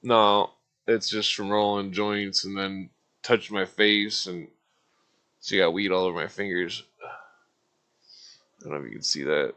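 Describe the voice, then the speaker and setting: A man's voice: low-pitched, fairly even intonation, measured pace, pauses often, sharp tone. A man in his forties rambling to his livestream viewers, swearing constantly and laughing at his own jokes. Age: 40s. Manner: rambling, profane, laughs often. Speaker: streamer. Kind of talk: casual livestream rant.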